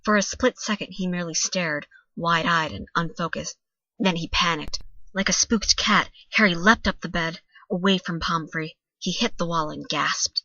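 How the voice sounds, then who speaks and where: A young woman reads a story aloud with a bright, forceful edge and a slightly low pitch. Her reading turns dramatic as the tension rises. The recording is dry and a little dull, like a close home mic. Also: normal speed, no room sound. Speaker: fanfiction reader.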